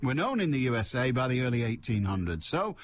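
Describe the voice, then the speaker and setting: A man's voice: mid-range voice, big pitch swings, fast talker. An older man hosting a radio phone-in, chatting in a dry, self-mocking, rambling way. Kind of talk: rambling solo radio chat. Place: radio studio. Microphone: studio mic.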